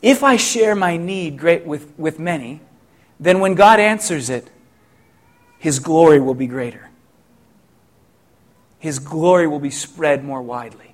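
A middle-aged pastor preaching a sermon, reflective and full of rhetorical questions, with frequent restarts. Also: male voice, on the high side, a little slow, long pauses.

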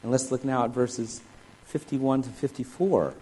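A man's voice: mid-range voice, steady tone, moderate pace, dark tone, a little hiss or hum, rough recording. A man preaching a sermon, reading scripture aloud and explaining it verse by verse. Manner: expository, reads scripture aloud then explains it. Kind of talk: sermon, Bible teaching.

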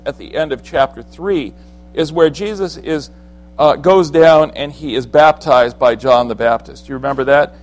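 A man's voice: a little high, low-quality recording. A man preaching a sermon in an earnest, conversational way, often restarting his sentences as he explains.

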